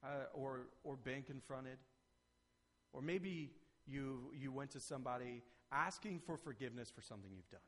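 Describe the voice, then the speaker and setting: A man preaching a sermon as pastor, earnest and conversational, rising to emphatic peaks and then dropping soft. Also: medium pitch, normal speed. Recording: long reverb of a church hall.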